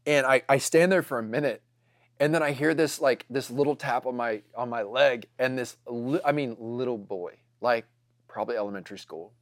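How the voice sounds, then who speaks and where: A man's voice: medium pitch, moderate pace, no echo, studio quality. A man telling a casual story to his congregation, chatty and full of fillers.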